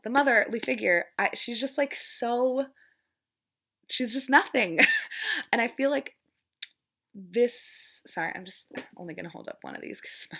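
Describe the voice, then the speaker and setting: A woman's voice: mid-range voice, sharp tone. A young woman chatting casually through a book wrap-up, rambling with lots of fillers and restarts and laughing often. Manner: rambling, many fillers and restarts, repeats "frustrating". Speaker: book vlogger.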